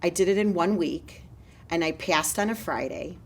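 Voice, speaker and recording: A woman in her forties, a real estate broker, telling her story in an energetic, fast-moving interview style. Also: lowish voice.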